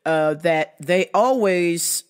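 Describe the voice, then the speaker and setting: A woman in her thirties telling comedic travel stories to camera, animated, profane and often laughing. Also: fairly low pitch, slow pace, smooth. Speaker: vlogger. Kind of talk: casual comedic storytelling.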